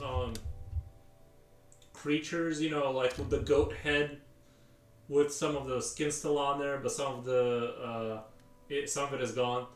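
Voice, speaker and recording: A man's voice: mid-range voice, a bit bright. A man chatting casually on a live stream while he sketches, rambling as he answers viewers' chat. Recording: roomy, distant mic, faint music.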